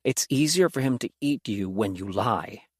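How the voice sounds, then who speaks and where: Smug amused demon mercenary, read by a male narrator, lively and mocking. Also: medium pitch, moderate pace, husky, no room sound, clean studio sound. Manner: taunting, amused.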